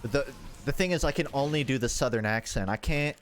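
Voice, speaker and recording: A man's voice: mid-range voice, a little fast, a little hiss or hum. A man streaming a game, chatting casually in a rambling, self-mocking way and laughing often. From United States. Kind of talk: casual gaming livestream chat.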